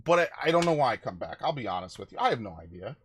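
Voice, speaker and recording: Here a medium-pitched man speaks very animatedly and fast, with a little hiss or hum in the recording. It's live gameplay commentary: he rages and curses while live-streaming a video game, repeatedly tripping over himself and restarting his sentences.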